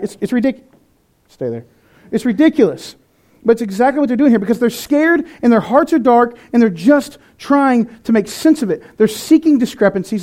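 A man's voice: extremely high pitch, a little mellow. A man preaching a sermon in an earnest, conversational way, with some restarts. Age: adult, past eighteen.

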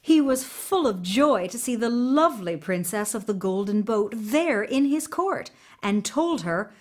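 Female storyteller, unhurried read-aloud, animated melody. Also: mid-range voice. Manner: slow, expressive narration.

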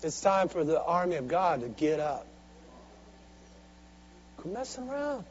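A male preacher delivering a sermon, calling on the congregation to answer back. He drops to near-murmurs, then builds to loud, driving exhortation in a fairly high voice. The recording sounds dull and lo-fi, with a faint hum underneath. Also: very animated, measured pace. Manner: swings from soft, intimate asides to loud, driving exhortation. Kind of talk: sermon with call-and-response.

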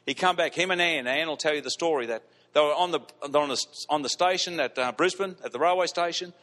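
In a church hall thick with long reverb, a pastor with a fairly high voice delivers a storytelling sermon to his congregation at a fairly quick pace. He's animated, repeating key lines for emphasis and laughing at his own stories.

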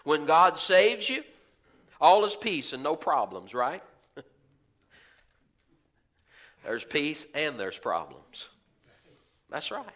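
Country-style preacher guy, high bright voice, keeps asking the crowd "huh?" and "amen?". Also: animated, slow pace, pauses often. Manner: folksy, preaching with rhetorical questions and asides; acts out quoted voices of churchgoers. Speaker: pastor. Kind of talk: sermon.

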